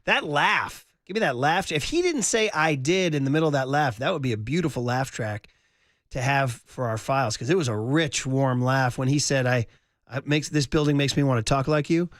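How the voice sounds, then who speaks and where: A man's voice: mid-range voice, expressive, normal speed, fairly bright tone, no room sound, studio quality. A man hosting sports radio, trading wry jokes in casual banter. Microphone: studio microphone.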